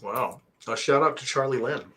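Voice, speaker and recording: A man with a mid-range, fairly bright voice talks at a normal speed while hosting an online talk show over video call. His English is a second language, and the casual interview chat is full of rambling, jokes and self-deprecation.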